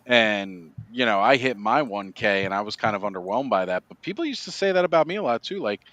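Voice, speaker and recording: A man's voice: fairly low pitch, lively intonation, brisk, fairly bright tone, dry recording, highs cut off. A man hosting a casual livestream chat over a video call, laid-back, laughing often and saying "like" a lot. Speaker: livestream host.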